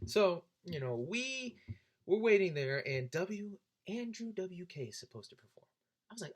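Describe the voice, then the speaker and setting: A young man telling a story to the camera with a lively voice that swings widely in pitch. His delivery is casual and animated, and it leaps up high whenever he gets excited. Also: normal speed. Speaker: vlogger.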